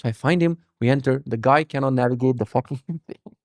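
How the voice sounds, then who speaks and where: A man in his thirties hosting a podcast, telling a story as a casual rant, animated, cursing freely and mocking himself. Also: medium pitch, a little fast, no room sound, studio quality. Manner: animated, profane, self-mocking. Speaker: podcast host.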